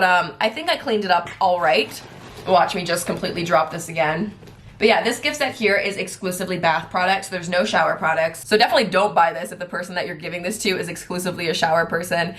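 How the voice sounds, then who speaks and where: Young woman, beauty vlogger, casual gift guide chat, rapid excited delivery, slightly lower voice. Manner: fast, giddy and excitable.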